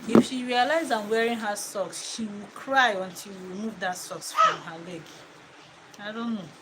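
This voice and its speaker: A woman's voice: a little high, lively intonation, normal speed. A woman chatting casually at home in her vlog, scolding her child between remarks. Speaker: vlogger. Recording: loud ambient noise.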